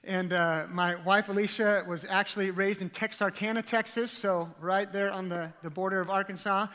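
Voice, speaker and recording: A man's voice: high voice, fairly even intonation, normal speed, sharp tone, long reverb tail. A man in his thirties from the Dallas area, a guest preacher giving a chatty, joking sermon in a church with many fillers and restarts. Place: church auditorium.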